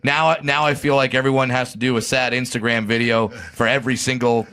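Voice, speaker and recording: A man's voice: medium pitch, little pitch movement, brisk, a bit bright, clear, resonant tone. A man talking as a guest on a podcast, in an easygoing, chatty way. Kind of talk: casual chat.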